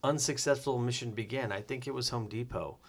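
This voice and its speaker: Animated man telling stories on a podcast. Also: mid-range voice, a little fast. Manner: animated storyteller, mimics voices, lots of fillers. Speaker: podcast co-host. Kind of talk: casual podcast chat. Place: living room.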